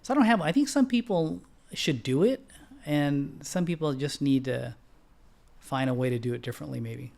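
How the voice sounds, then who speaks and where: On a podcast, a middle-aged man who founded a bank recounts stories at a normal speed, loose and lively in style. Frequent throat-clearing punctuates his talk, and when voicing quotes he leaps into sharp, high-pitched bursts.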